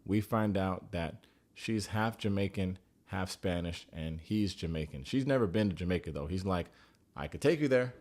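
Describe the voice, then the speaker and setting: A man's voice: low-pitched, normal speed, a little mellow. An American man giving a casual, joking recap of a reality dating show, blunt and sarcastic, swearing freely. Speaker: TV recap reviewer.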